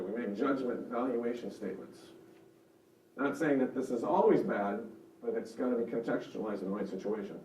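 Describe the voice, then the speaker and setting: A man's voice: lowish voice, a little fast, a little mellow. Male seminar teacher, earnest and conversational, recorded from a distance in a roomy hall. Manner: earnest, conversational, explains with examples. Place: seminar room. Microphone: microphone over a room speaker system. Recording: roomy, distant, dull sound.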